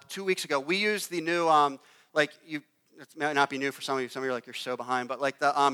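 With a smooth, bright voice pitched slightly above the typical male range, a thirtysomething pastor tells stories through a laid-back, conversational sermon. He keeps pausing to check in with his congregation with a brief "okay?".

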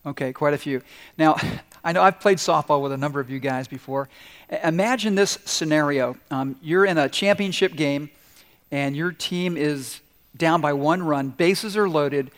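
A male pastor delivers a sermon in a reverberant hall, his voice sitting a little high for a man. He tells stories, acts out quotes and puts questions to his congregation. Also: normal speed. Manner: storytelling with acted-out quotes and audience questions.

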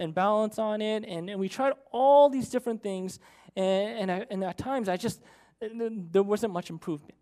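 A man's voice: high voice, darkish tone. A man in his thirties, a pastor telling a personal story in a sermon, earnest and conversational, often checking in with "right?".

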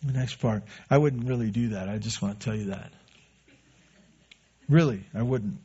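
A man's voice: fairly low pitch, moderate pace, mellow, breathy edge. A man preaching a sermon as pastor, earnest and conversational, often repeating a phrase for emphasis. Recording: dull lo-fi recording.

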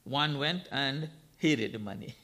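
A man's voice: medium pitch, lively intonation, unhurried, pushed and bright. A man preaching a sermon as a guest speaker, emphatic, repeating key phrases and asking rhetorical questions.

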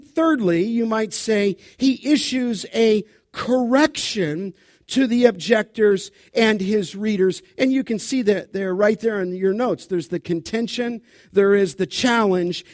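Man, pastor, expository sermon, high voice, intense, emphatic delivery. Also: slow pace, darkish tone, no echo, studio quality. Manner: intense, emphatic, addresses the congregation directly. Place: church sanctuary.

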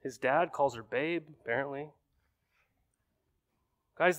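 A man's voice: on the high side, measured pace. Man preaching with conversational tags. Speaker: pastor. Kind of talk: sermon.

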